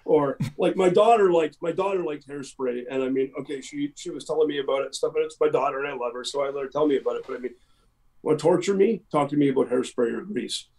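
A man's voice: on the high side, quick pace, gravelly, a little mellow. A middle-aged Canadian man, a musician guest in a casual interview, talking in an emphatic, rambling way.

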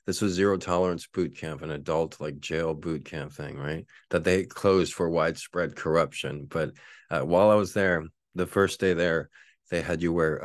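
Man in his 40s, podcast host, very low voice, dry close sound, laughing rambling storyteller. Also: no room sound. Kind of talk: casual storytelling.

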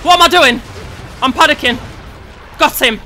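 A woman giving sweary, shouty, frustrated let's-play commentary over her gameplay. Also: high voice, normal speed.

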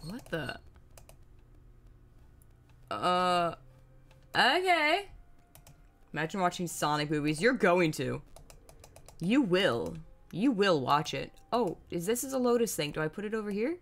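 A woman's voice: fairly low pitch, big pitch swings, a little slow, long pauses, fairly bright tone. A young woman streaming a puzzle game, chatting casually with lots of swearing, giggles and playful sound-effect exclamations. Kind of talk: casual live gameplay commentary.

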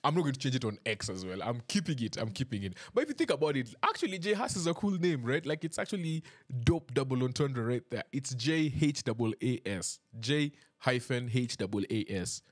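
A man's voice: mid-range voice, big pitch swings, a little fast, few pauses. A man hosting a podcast in a casual, chatty and self-deprecating way, joking with his listeners over a desk mic. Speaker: podcast host. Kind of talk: casual chat.

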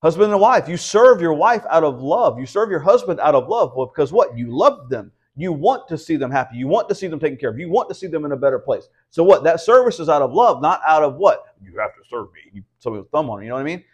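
A man's voice: a little high, sing-song, fast, few pauses, slightly rough. A man, teaching the Bible at a house church. He preaches in an easy, conversational way, often asking the room rhetorical questions. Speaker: pastor.

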